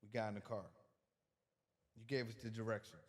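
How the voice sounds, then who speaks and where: A man's voice: lowish voice, steady tone, fairly quick, in a large hall. A man guest on a podcast giving a casual motivational talk, emphatic and colloquial, repeating words as he builds his point.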